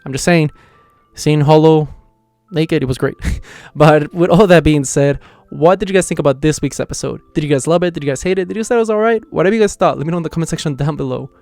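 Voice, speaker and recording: A man's voice: fairly high pitch, fast talker, darkish tone, no echo, faint music behind. A man casually reviewing an anime episode, retelling the plot in a loose, chatty way.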